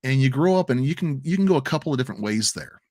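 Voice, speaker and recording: A man from the American Midwest talks on a casual livestream in a mid-pitched voice. He tells a heartfelt story in a rambling way, stumbling and repeating words as he goes. The sound is dry and close, with no room echo. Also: expressive, fast, a little mellow. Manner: emotional, rambling storytelling with many restarts. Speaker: crypto stream co-host.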